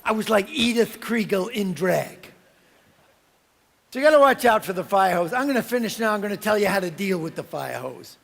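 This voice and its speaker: Guy doing a keynote talk, kinda high voice with gravel in it, animated, acts out the people in his stories. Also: normal speed. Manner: animated storytelling with acted-out voices and shouts. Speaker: keynote speaker. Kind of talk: motivational keynote speech. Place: conference hall.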